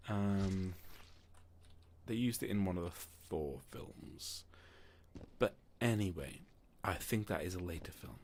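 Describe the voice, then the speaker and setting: Deep-voiced rambling male game master. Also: slow, darkish tone, slight background noise. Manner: rambling, digressive, often stops to ask himself questions. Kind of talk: casual narration of a tabletop game. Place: room, alone.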